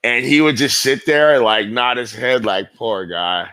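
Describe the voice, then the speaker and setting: A man's voice: medium pitch, normal speed, bright, forceful tone, no echo. A middle-aged man telling stories as a guest in a casual interview, rambling and profane, full of fillers. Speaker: guest skateboarder.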